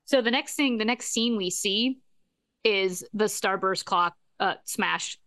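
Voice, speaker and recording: A woman talks through a TV episode with a co-host in an easy, animated way. She slips into quick impressions of lines and laughs often. Her voice sits at an ordinary middle pitch and sounds dry and close, with no room around it. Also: no room sound. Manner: animated storyteller, acts out quotes, laughs often. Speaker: podcast co-host. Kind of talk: casual chat recapping a TV episode.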